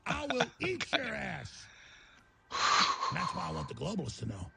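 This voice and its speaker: A man's voice: high-pitched, huge pitch swings, moderate pace, gravelly, noisy background. A man hosting a radio show, delivering a heated, emphatic ranting monologue.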